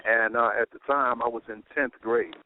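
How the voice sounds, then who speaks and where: A man tells loose, rambling stories as a guest on a radio show. His voice sits at an ordinary pitch for a man. It comes across a thin phone line with a faint hiss behind it. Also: steady tone, normal speed. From Port Arthur, Texas. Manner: loose anecdotal storytelling. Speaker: rap group member, guest. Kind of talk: casual radio interview.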